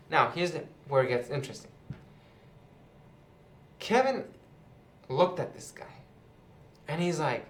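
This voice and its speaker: A young man retelling a Bible parable in a chatty, casual way, seated indoors. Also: on the high side. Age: young adult. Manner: chatty, with many fillers like "you know" and "right". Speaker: youth Bible teacher, channel host. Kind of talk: casual Bible lesson to camera. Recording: roomy echo.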